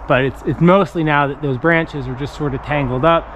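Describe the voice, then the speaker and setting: A man teaching logging outdoors by a road, relaxed and practical, talking through the job. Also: fairly high pitch, normal speed, slight background noise, rough recording. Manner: relaxed, practical, talkative explaining.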